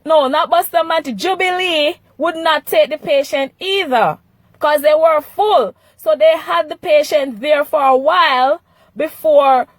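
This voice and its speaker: A woman's voice: high-pitched, unhurried, no echo. A Jamaican woman vlogger commenting on a news clip in an emphatic, pleading way, slipping into dialect.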